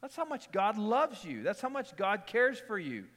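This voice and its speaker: A man with a high voice preaches a conversational sermon, driving his points home by repeating short lines. He is middle-aged and slips easily into casual personal anecdotes. His voice carries a long reverb tail, as if he is in a large sanctuary. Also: sing-song, normal speed, fairly bright tone. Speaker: pastor.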